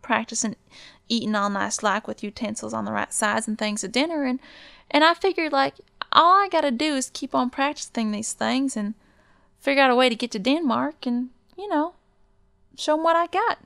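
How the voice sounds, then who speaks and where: A woman's voice: sits high, normal speed, creaky, a bit bright, no echo. A woman with a Southern US accent playing a snooty, rambling teenage girl set on becoming a princess. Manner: chatty, rambling, defiant. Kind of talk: improvised comedy character.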